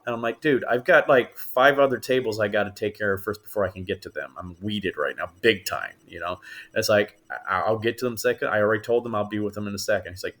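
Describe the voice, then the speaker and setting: A man with a lowish voice speaks briskly as an actor guest on a podcast. In casual chat, he tells stories with animation and acts out the voices of the people in them.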